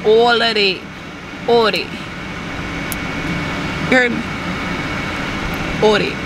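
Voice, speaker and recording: A young woman vlogging in a casual, animated way, full of slang and swearing. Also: on the high side, slow pace, long pauses, noisy background. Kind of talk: casual vlog chat. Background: loud music.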